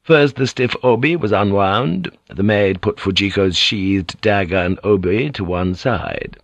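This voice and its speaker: A man reading an audiobook aloud in a measured, even storytelling manner. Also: lowish voice, no echo, highs cut off. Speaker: audiobook narrator. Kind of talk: scripted audiobook narration.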